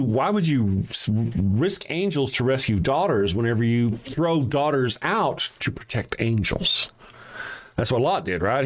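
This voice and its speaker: A man hosting a live stream, reading scripture aloud and breaking off into sarcastic, mocking asides. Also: mid-range voice. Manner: sarcastic, mocking asides with a lively swooping delivery. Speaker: host.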